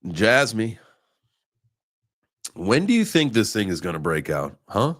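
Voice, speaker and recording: A man's voice: on the low side, huge pitch swings, unhurried, a bit bright. Joking, sarcastic man hosting a crypto stream. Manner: joking, sarcastic, addresses chat viewers by name; rambling with many fillers while reading charts. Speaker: crypto livestream host. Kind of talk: casual live market chat.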